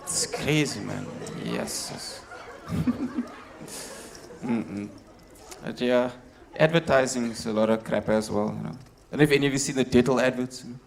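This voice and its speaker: A man's voice: mid-range voice, moderate pace, vocal fry, background noise. A man with a South African accent doing a stand-up comedy set, telling stories and acting out the people in them. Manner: animated storytelling, acting out quoted characters.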